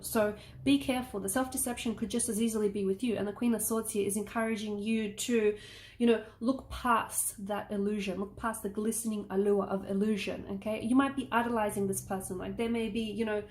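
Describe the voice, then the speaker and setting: A woman's voice: medium pitch, darkish tone. Woman, rambling tarot reading, echoey room, faint hiss. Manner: rambling, reassuring, frequent "okay?" check-ins. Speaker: tarot reader. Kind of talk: casual tarot reading to camera.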